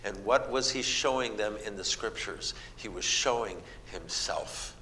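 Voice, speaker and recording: In an unhurried, fairly low voice, a middle-aged preacher from the American Midwest spins folksy tales in his sermon, acting out each character with animated voices. He's recorded in an echoing hall with faint noise.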